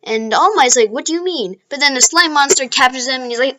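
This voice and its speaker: Woman, high voice, casual fan-story narration, rambling, restarts often. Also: a little fast, pushed and bright, slight background noise, rough recording. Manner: rambling, with frequent restarts and apologies.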